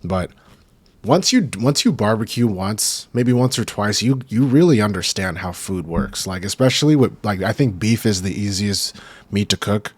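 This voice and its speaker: A man's voice: lowish voice, expressive, normal speed, slightly rough, no echo. A young man hosting his own podcast, rambling and profane in a laid-back, casual way. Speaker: podcast host. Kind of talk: casual solo podcast chat. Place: home recording room.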